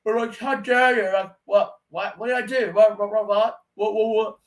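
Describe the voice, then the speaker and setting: A dismissive woman who sneers at every complaint, as a man mimics her. The voice jumps high and shrill and is pushed to shouting, with every word mocked and drawn out. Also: steady tone, normal speed, recorded from a distance, lightly acted. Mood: sneering. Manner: mocking, shrill, exaggerated.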